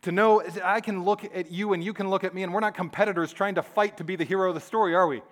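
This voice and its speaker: High-voiced male pastor preaching. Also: quick pace. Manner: animated storytelling with soft, hushed asides. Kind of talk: sermon.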